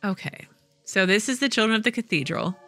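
A woman's voice: medium pitch, fairly quick, a bit bright, faint music behind. A woman hosting a let's play, wryly reading the game's dialogue aloud and commenting as she plays. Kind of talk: casual gameplay commentary.

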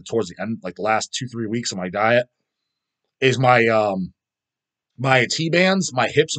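A man's voice: lowish voice, a bit bright. A middle-aged man chatting casually as a vlog host, rambling and swearing constantly as he answers viewer questions.

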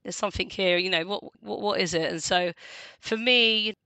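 A woman in her forties, a podcast guest, talking in a chatty, animated way and laughing often. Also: mid-range voice, moderate pace, clear, resonant tone, no echo. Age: 40s. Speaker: guest, community radio host. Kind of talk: casual podcast conversation.

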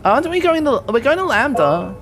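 A woman game streamer with a fairly high, animated voice, chatting and laughing with her viewers. Clear background noise sits under her talk throughout. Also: a little fast. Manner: chatty, laughing, talks to chat. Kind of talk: casual livestream chat.

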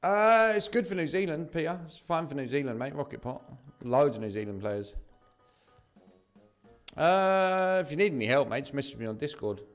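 A laid-back young man with an English accent chats with his viewers, his pitch bouncing up and down all through. Faint music plays behind him. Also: animated, normal speed. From southeast England. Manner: laid-back, chatty, calls viewers mate and bro. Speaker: slots streamer. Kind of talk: casual live-stream chat reading viewer messages.

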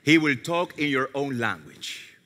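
A male pastor preaching a sermon with animated storytelling and self-mocking humor, sometimes dropping to a hushed low voice. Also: unhurried. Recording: long reverb of a large hall.

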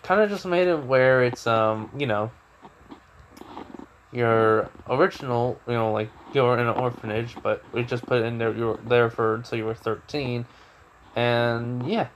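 A man's voice: medium pitch, measured pace, slight background noise. A young man casually retelling a fan story with lots of fillers, like and you know.

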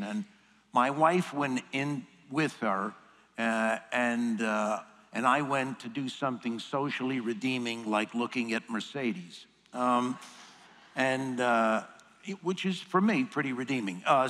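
A man's voice: fairly high pitch, fairly bright tone. Storytelling man in an echoey hall. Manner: self-deprecating humor, acts out dialogue. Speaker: workshop speaker. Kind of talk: storytelling talk. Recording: long hall reverb.

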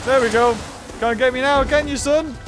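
A young man hosting let's-play commentary, excitable and full of exclamations. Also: very high voice, moderate pace. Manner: excitable, frequent exclamations and laughs. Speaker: gaming channel host. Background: game music.

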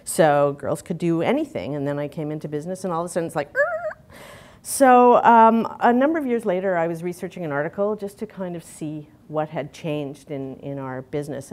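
A woman's voice: low voice, darkish tone. A middle-aged woman, giving a candid conference talk full of fillers and restarts. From Canada. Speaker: conference speaker.

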